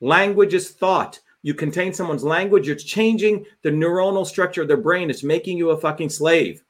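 A man's voice: on the high side, normal speed. Fiery, profane man ranting on a livestream. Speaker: host and political candidate. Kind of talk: livestream political talk.

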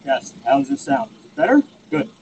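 A man with a Texan accent telling a joking, drawn-out story on an outdoor rally stage into a handheld mic. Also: medium pitch, sing-song, noisy background. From Texas. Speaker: rally speaker. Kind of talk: folksy storytelling.

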